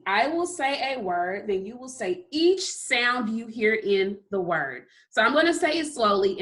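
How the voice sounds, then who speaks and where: A woman's voice: on the high side, fairly bright tone. A woman teaching a recorded phonics lesson to kindergarteners, sounding out letters and praising often. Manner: slow, encouraging, sounds out letters.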